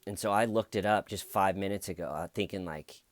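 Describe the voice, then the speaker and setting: A man's voice: deep voice, brisk, dry recording, studio quality. A man giving casual true crime commentary as a YouTuber, rambling and wry, with jokes.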